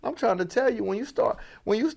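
A man from Florida coaching on business, talking to the audience as family with a playful, animated delivery. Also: extremely high pitch, brisk, vocal fry. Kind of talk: energetic motivational teaching.

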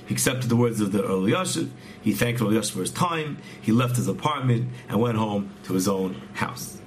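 A man's voice: on the low side, lively intonation, fairly quick, a little hiss or hum. A man earnestly telling a religious story, often repeating words and restarting phrases as he goes. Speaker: storyteller teaching a religious tale.

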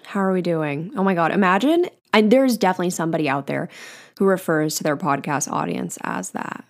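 A woman's voice: fairly low pitch, fairly quick. Rambling young woman podcast host. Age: 20s. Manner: rambling and self-deprecating, heavy with "like" and "um". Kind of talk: casual solo podcast chat.

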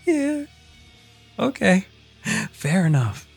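A middle-aged man co-hosting a podcast, easygoing and curious, quick to laugh and ask questions. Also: high voice, big pitch swings, gravelly, slightly rough, faint music behind. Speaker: podcast co-host. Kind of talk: casual chat.

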